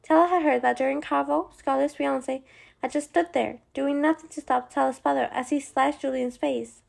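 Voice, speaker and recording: A woman reads a novel aloud with a high voice and a gravelly, fry-tinged edge. Her narration is expressive, with small slips as she reads. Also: fairly quick. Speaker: audiobook narrator. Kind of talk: scripted narration.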